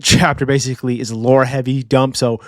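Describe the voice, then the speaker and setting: A young man hosting a casual manga review channel, animated and slangy, doing voices for characters. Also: medium pitch, brisk, dry recording, clean studio sound. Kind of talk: casual video commentary.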